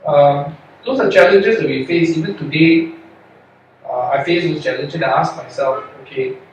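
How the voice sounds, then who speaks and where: A man's voice: on the high side, normal speed. A man, a lawyer, giving an earnest, rambling talk to young lawyers, full of rhetorical questions. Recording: echoey hall from far off, faint noise.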